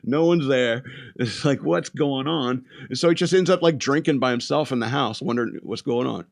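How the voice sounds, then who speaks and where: A man's voice: medium pitch, normal speed, vocal fry. A man hosting a podcast, casually retelling a movie in a rambling way, laughing often and acting out quotes. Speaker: podcast host. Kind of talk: casual movie review rant.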